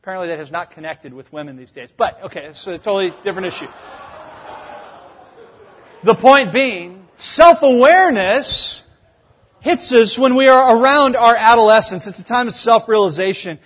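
A man's voice: high voice, moderate pace. A man in his thirties preaching a sermon, telling stories and acting out voices with humor. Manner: animated storytelling, acting out quoted voices with humor. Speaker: pastor. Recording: dull, echoey hall sound.

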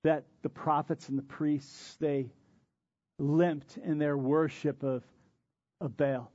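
A man with a high-pitched voice preaches a sermon and drives his points home with repetition and rhetorical questions. The sound is dry and a little dull. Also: level tone, slow, a little mellow, no echo. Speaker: pastor.

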